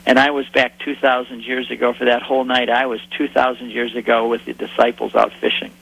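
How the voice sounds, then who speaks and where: A man's voice: medium pitch, level tone, a little fast, creaky, fairly bright tone, husky, poor audio. A man on a talk show, a guest Bible teacher telling a vivid travel story with eager enthusiasm.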